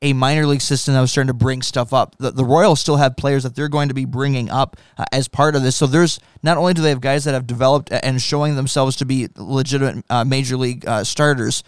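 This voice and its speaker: Male co-host, halting and thoughtful delivery, smooth clean tone. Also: mid-range voice, steady tone, dry recording, studio quality. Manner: halting, many fillers and restarts. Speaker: podcast co-host. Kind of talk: casual sports chat.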